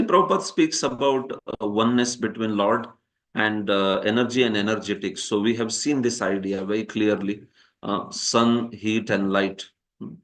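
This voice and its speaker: Lecturing a scripture class with questions, an Indian-accented man who speaks Hindi keeps asking students "huh?" and chuckles at his own jokes. His voice is on the low side, with a fairly bright tone.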